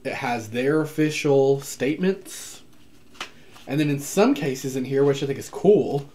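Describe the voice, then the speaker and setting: A man talks casually and eagerly about new books, his voice in an ordinary middle pitch. He rambles with fillers and quick asides. It sounds like a home video recorded on a camera mic. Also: slight background noise. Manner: chatty and excitable, many fillers and asides. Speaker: book vlogger. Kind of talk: casual book haul chat. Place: home room.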